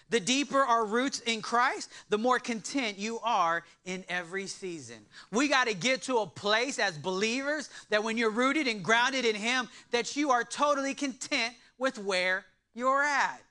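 A man preaching a sermon in an animated way, with joking asides to his congregation. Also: extremely high pitch. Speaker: pastor.

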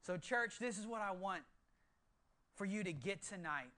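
A man in his thirties preaching a sermon to his church, moving from hushed, earnest low tones to excited bursts. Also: normal speed. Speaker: pastor.

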